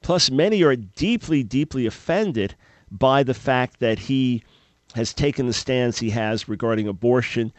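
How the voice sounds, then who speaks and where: A man hosting a call-in radio talk show, speaking in an earnest, measured way. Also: mid-range voice, no echo. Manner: earnest, measured, thinking aloud.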